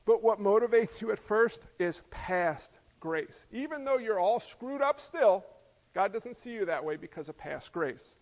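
A man preaching a sermon as pastor, lively and joking, peppering the congregation with rhetorical questions. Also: high-pitched, unhurried. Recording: long hall reverb.

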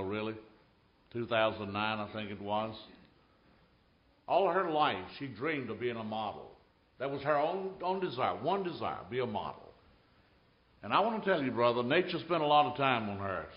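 A man preaches a sermon, telling stories with a lively, swooping voice. He swings between loud bursts and hushed asides. The sound is echoey and a little dull, like an older church recording. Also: mid-range voice.

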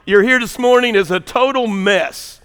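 A man's voice: high-pitched, moderate pace, a bit bright, clear, resonant tone, long reverb tail. A male pastor preaching a sermon in a rambling, joking way, speaking straight to his congregation. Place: large church hall.

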